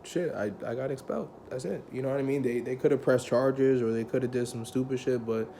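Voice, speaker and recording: A man's voice: mid-range voice, a little fast, slight background noise. A young adult man telling a personal story in casual, slangy talk, swearing often and acting out the people he quotes. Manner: heavy profanity, slangy, loose and conversational; animated, acts out quoted people.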